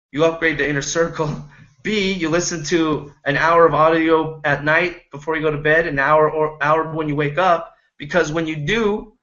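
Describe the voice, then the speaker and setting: A man's voice: fairly high pitch, bright, forceful tone, dull audio. A man giving an earnest, rambling motivational talk about network marketing, often acting out the people he quotes.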